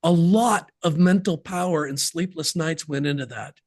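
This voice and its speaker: A man's voice: fairly high pitch, moderate pace, dry recording, studio quality. A man guesting on a podcast interview, talking about business systems in an emphatic, folksy way with sports analogies.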